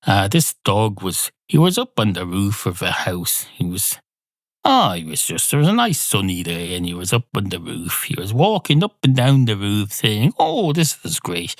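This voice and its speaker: A man's voice: on the low side, very animated, moderate pace, no room sound, clean studio sound. A man hosting a podcast, rambling through a playful comic monologue, often cutting himself off and swearing freely. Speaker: podcast host.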